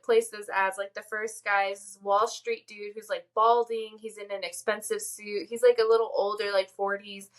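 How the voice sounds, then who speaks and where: A woman's voice: mid-range voice, a bit bright, poor audio. A woman co-hosting a casual podcast, chatty and recapping with lots of fillers. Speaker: podcast co-host.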